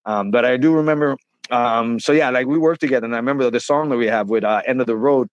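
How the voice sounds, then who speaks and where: A man's voice: medium pitch, quick pace, smooth, lo-fi sound. A middle-aged man telling stories in a casual interview, rambling with many fillers and restarts. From Canada. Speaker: interview guest, rapper.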